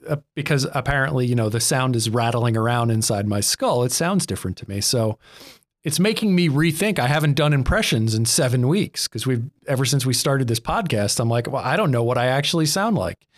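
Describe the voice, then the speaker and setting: Rambling joking New podcast host. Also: male voice, medium pitch, lively intonation, a little fast, dry recording, clean studio sound. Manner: rambling, self-deprecating, jokey. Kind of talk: casual chat.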